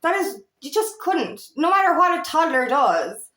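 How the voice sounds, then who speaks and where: A woman's voice: high voice, big pitch swings, moderate pace, sharp tone, echoey room. A woman in her thirties, a feminine empowerment coach, talking candidly to camera in a rambling way, with many fillers and restarts. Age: 30s. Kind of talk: personal monologue to camera.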